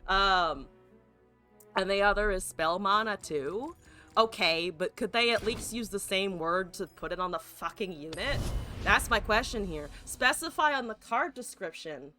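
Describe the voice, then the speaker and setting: A woman's voice: medium pitch, expressive, unhurried, pushed and bright, faint music behind. A woman streamer ranting with exasperation while playing a card game, swearing and firing off rhetorical questions.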